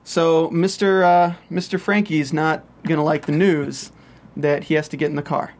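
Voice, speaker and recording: An animated man chatting casually, recapping an episode. His voice sits a little high for a man, and he acts out moments in playful voices. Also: moderate pace. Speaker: podcast host.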